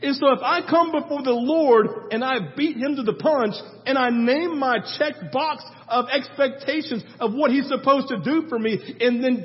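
A male pastor preaching a conversational sermon, telling stories with frequent asides to the congregation. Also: extremely high pitch. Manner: storytelling, conversational with audience asides. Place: church sanctuary. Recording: muffled sound with long church reverb.

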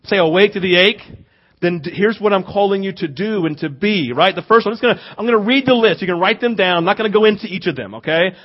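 A man preaching in a high voice, animated and expressive, jumping into playful little impressions before dropping low and intimate. The sound is a bit dull and lo-fi. He sounds like a pastor speaking to his congregation. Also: quick pace. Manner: animated preaching, acting out voices and rising to loud emphasis. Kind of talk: sermon.

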